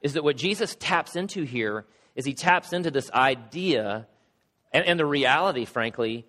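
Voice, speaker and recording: A middle-aged male pastor with a cold and a hoarse voice, preaching a sermon with casual joking asides. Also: mid-range voice, lively intonation, moderate pace, sharp tone. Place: church sanctuary. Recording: long hall reverb.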